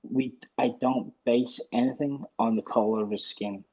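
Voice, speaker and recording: A man's voice: mid-range voice, steady tone, normal speed, darkish tone, husky. A Scottish man calling in to a show, speaking in an argumentative, insistent way over a poor phone line. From Scotland. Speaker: caller.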